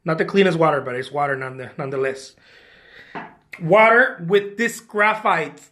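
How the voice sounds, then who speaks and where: A chatty man with a fairly high, bright voice talks through an art demonstration. He jokes and boasts in a playful, self-mocking way. The sound rings a little in an echoey studio room. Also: expressive, normal speed, slight background noise. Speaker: artist hosting a drawing demo.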